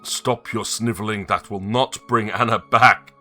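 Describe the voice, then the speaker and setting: A man voicing a furious old male sage and grieving father, loud and commanding, as he reads game dialogue aloud. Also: on the low side, steady tone, unhurried, faint music behind, voice pushed up.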